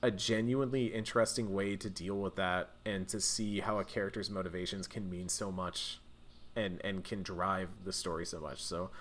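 Lowish guy rambling about a game, lots of ums and likes, easygoing. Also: normal speed. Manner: relaxed, rambling, frequent fillers and restarts. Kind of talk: casual chat recapping a video game.

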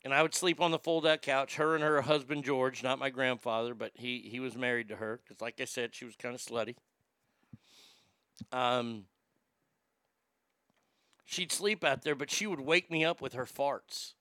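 A man tells candid, rambling family stories to listeners who know him, swearing freely. His voice is gravelly and forceful, with a tense edge. It sounds close and dry, with no room echo. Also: medium pitch, fairly even intonation, moderate pace, pauses often. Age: adult. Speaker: storyteller. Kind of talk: casual storytelling to a familiar audience.

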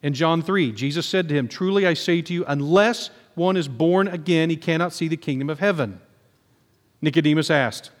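A man preaching a sermon, moving between quiet scripture reading and excited outbursts. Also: fairly high pitch, brisk. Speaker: pastor. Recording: long hall reverb.

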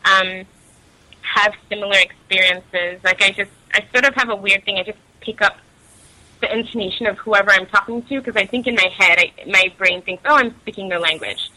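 A woman's voice: medium pitch, fairly even intonation, normal speed, pushed and bright, low-quality recording. A young woman from Nigeria, chatting casually as an interview guest, laughing often and using many fillers.

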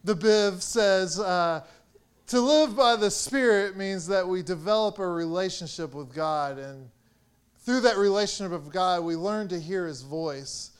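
A man's voice: sits high, measured pace, clean tone. A young man preaching a sermon as pastor, earnest and rising in force on key points.

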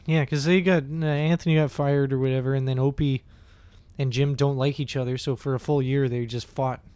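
A man's voice: medium pitch, fairly even intonation, fairly quick, dark tone, clear, resonant tone, no room sound. A man co-hosting a comedy podcast, chatting casually, swearing and laughing easily. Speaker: podcast co-host.

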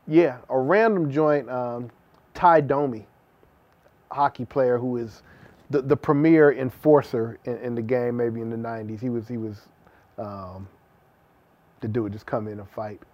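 A man's voice: mid-range voice, steady tone, measured pace. Podcast guy, dry teasing, lists off players, kinda muffled lo-fi sound. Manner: dry teasing, rattles off sports names. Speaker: podcast co-host. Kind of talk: casual chat.

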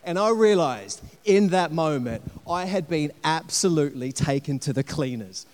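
A man preaching a sermon, telling a personal story with animated delivery and acted-out quotes. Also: a little high, normal speed. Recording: long hall reverb.

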